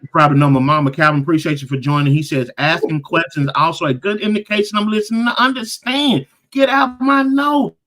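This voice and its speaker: A middle-aged man co-hosting a casual podcast, reading out viewer comments with lively, preacher-like emphasis. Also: a little high, quick pace. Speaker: podcast co-host.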